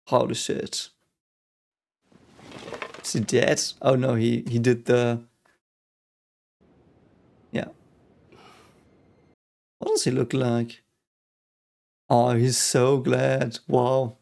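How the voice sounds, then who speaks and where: A man hosting an anime reaction, talking excitedly with swearing and many restarts. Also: medium pitch, extremely slow, vocal fry, pauses often. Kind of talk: casual reaction commentary.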